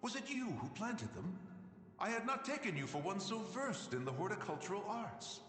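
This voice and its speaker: A man's voice: sits high, sing-song, moderate pace, a bit bright, roomy sound, in a large hall, soft background music. A man voicing a lofty, absent-minded male immortal spirit for a game, courtly and florid in manner. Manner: courtly, florid, self-assured.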